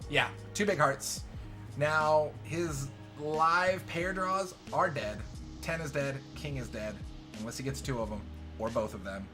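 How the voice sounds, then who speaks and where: Excitable joking man calling poker hands. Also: fairly high pitch. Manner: excitable, joking, swings from loud cheers to quiet murmurs. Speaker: poker show host. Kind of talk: live poker hand commentary. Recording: music playing behind the voice.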